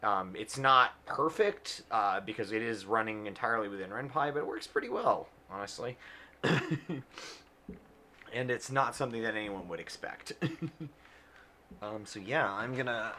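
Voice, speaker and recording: Guy game dev rambling on a stream, lowish bright voice, um and uh a lot, faint background hum. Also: moderate pace. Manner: rambling, filler-heavy, laughs often. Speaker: game director and writer. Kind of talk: casual livestream chat.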